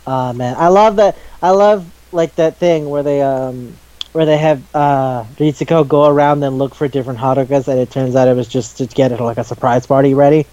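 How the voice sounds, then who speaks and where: A man's voice: medium pitch, steady tone, normal speed, dark tone, lo-fi sound. A man co-hosting a casual anime review podcast, talking enthusiastically and rambling, often laughing and acting out scenes. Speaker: podcast co-host.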